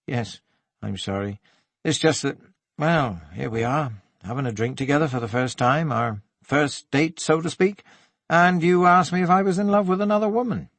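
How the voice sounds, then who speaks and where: A man's voice: a little high, normal speed, no echo, pitched above the performer's own voice. A man doing a wry, evasive theatre man. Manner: soft-spoken, wry, evasive. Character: gentle, evasive theatre man, stooped and artistic. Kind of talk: audiobook character voice.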